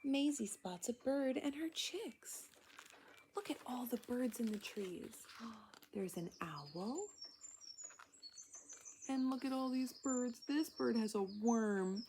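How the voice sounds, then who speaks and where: Woman reading a storybook aloud to little kids, higher voice, slow and hushed, gasps a lot. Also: lively intonation, slight background noise. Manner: often hushed and whispery, with frequent gasps of wonder; points out things on the page, asking questions. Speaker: children's storybook reader. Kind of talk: reading a picture book aloud to young children.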